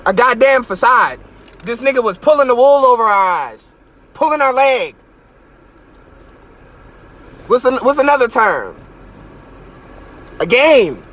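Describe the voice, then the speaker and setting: A man with a very high, bright, sharp voice rants loudly and mockingly as a podcast host. He talks from his car into a phone, boastful, his pitch shooting up when he gets worked up. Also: sing-song, normal speed, long pauses. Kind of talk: profane comedic rant.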